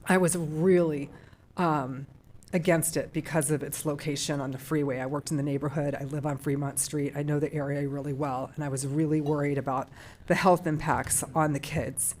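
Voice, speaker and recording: A woman's voice: low-pitched, fairly even intonation, normal speed, darkish tone, slight background noise. A middle-aged woman serving on a school board, speaking heartfelt and emotional at a public meeting, with restarts and trailing phrases.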